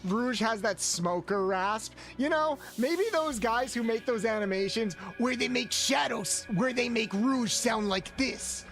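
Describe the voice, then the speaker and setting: A man's voice: extremely high pitch, a little slow, hardly any pauses, a bit bright. Guy streaming a game, playful rambly chat w/ viewers, faint music in the back. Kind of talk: casual gameplay commentary.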